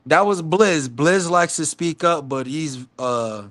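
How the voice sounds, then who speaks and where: A man's voice: fairly high pitch, lively intonation, takes it slowly, a bit bright. A middle-aged man from the South Bronx with a New York accent, telling stories in casual chat and acting out the street talk he quotes. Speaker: live stream host.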